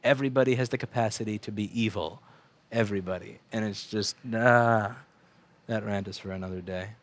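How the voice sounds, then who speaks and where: A man's voice: fairly low pitch, fairly quick. A man in his twenties from the United States, ranting profanely and rambling while working at a repair bench. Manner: profane, rambling, animated rants with mocking put-on voices. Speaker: repair shop owner streaming bench work. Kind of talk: casual ranting livestream.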